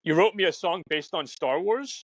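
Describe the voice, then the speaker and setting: A man's voice: sits high, expressive, moderate pace, fairly bright tone, no room sound, highs cut off. A man who is a guest on a podcast, talking casually in an understated, modest way with dry humor. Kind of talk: casual chat.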